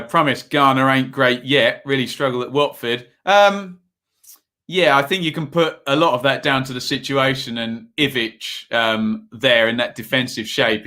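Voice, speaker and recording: Male streamer from Ipswich, bright and forward voice, easygoing rambling delivery, for a football watchalong. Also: mid-range voice. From Ipswich, England. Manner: chatty, rambling, reads chat aloud, many ums. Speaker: livestream host. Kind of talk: casual live football commentary and chat.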